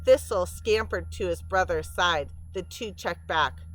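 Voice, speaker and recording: A woman reading a storybook aloud to children, pausing to explain words and pictures in a gentle way. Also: lowish voice, poor audio.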